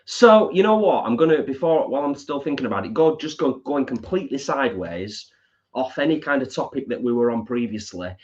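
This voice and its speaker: A man's voice: medium pitch, animated, fairly quick. A man co-hosting a live stream, chatting casually and reading out viewer comments. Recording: dull lo-fi stream audio.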